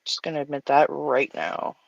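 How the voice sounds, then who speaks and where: A woman's voice: sits low, expressive, moderate pace, gravelly, no room sound, highs cut off. A woman hosting a live art stream, chatting casually and self-deprecatingly while she paints, with lots of fillers.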